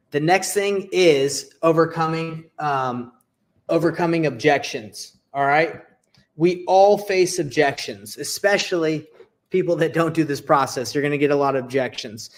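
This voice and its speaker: A young adult man giving a live sales training, energetic and repetitive, checking in with "okay" and acting out sample calls. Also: a little high. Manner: energetic, repeats "okay" and "all right", acts out sample seller calls. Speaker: real estate sales coach. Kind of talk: live training talk to camera.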